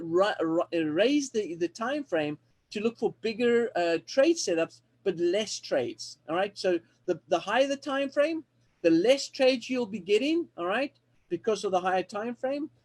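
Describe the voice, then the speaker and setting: A man leads a screen-share trading lesson and explains each step plainly. He keeps checking in with his listeners, and he often stops and restarts mid-phrase as he works through the chart. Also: high-pitched. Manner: explanatory, checks in with frequent "all right?"; halting with restarts and repeated words. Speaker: trading instructor.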